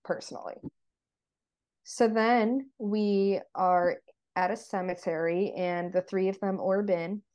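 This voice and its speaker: A woman's voice: on the low side, mellow. A woman co-hosting a podcast, chatting casually and retelling TV scenes in detail with lots of "like" fillers. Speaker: podcast co-host. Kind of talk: casual TV recap chat.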